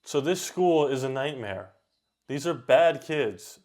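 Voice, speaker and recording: A man of ordinary middle pitch chats his way through a reaction video. He talks straight back at the screen in an offhand way, with quick outbursts. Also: lively intonation, a little mellow. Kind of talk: casual reaction commentary.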